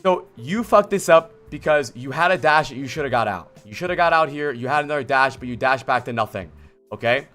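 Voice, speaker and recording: A man streaming a gameplay vod review, blunt and exasperated, swearing and yelling at the player he coaches. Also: mid-range voice, lively intonation, a little fast, soft background music. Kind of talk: livestream game vod review.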